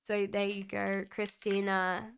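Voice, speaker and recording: On a live-stream tarot reading, a woman chats casually and reassures viewers by name as she answers their questions. Her mid-range voice is level, slow and smooth, and she hums while shuffling the cards.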